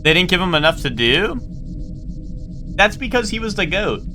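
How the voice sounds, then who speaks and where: A man's voice: sits high, sing-song, normal speed, music in the background. A young man streaming a game live, talking in a rambling, casual way with lots of swearing and "like". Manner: rambling, swears a lot, full of "like".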